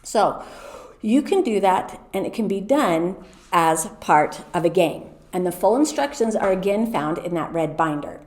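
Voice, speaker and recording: A middle-aged American woman explaining classroom routines to teachers in a clear, patient way, sounding out words slowly. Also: fairly low pitch, expressive, a little mellow. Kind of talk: teacher training presentation. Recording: echoey room.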